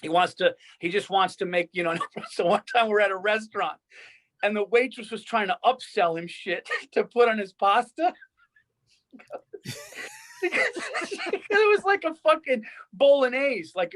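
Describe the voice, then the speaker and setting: A man co-hosts a podcast in easy, rambling chat, laughing often as he talks. His pitch swings widely from line to line. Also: expressive, unhurried, a bit bright. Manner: laughs easily, loose and rambling. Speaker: podcast co-host. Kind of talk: casual chat.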